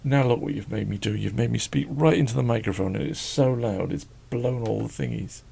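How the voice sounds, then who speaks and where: Gravelly man chatting while drawing. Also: medium pitch, a little fast, warm tone. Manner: rambling, jokey, talks to his dog. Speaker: drawing channel host. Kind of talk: casual chat while drawing.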